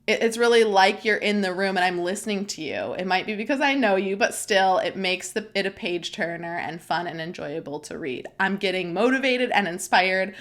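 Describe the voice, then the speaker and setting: A young adult woman hosts a candid personal podcast monologue, speaking close to the mic in a mid-range, slightly bright voice. She is emotional and tearful, talking openly and chattily with lots of fillers.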